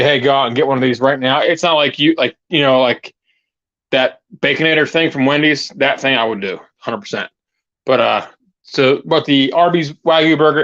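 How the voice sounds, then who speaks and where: A channel host chats casually live with viewers as he gardens outside, out of breath and often restarting his sentences. His middling-pitched, slightly bright voice comes through a lapel mic. The sound is dry, a little dull, and lo-fi, with no echo.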